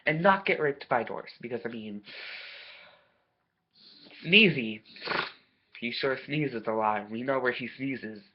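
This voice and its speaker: A vlogger delivering a foul-mouthed, sarcastic rant straight to camera, swearing nonstop and jumping into loud, indignant outbursts. The voice sits in a middle pitch. The recording is dull and lo-fi, with the top end muffled. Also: slow pace, pauses often, breathy edge. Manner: swears constantly, sarcastic, loud bursts of outrage. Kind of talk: profane comedic rant to camera.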